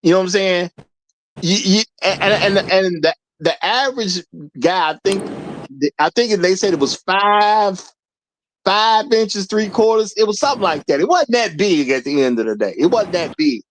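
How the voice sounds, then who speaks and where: A man's voice: sits high, animated, moderate pace, slight background noise. A man hosting a livestream, talking bluntly and lecturing his chat in casual commentary. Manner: blunt, preachy, talks straight to the chat. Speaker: livestream host.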